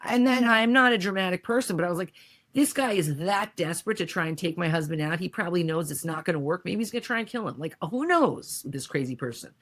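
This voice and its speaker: A woman's voice: lowish voice, fast talker. A middle-aged woman, a podcast guest, telling a personal story with feeling and acting out the voices of others. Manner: animated, acts out quoted voices.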